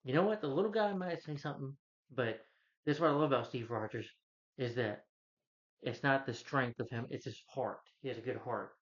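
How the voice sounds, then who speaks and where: A man's voice: mid-range voice, a little fast, muffled recording. Man rambling through a movie recap. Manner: rambling, loose retelling with restarts; earnest, heartfelt asides. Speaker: movie reviewer. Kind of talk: casual plot recap.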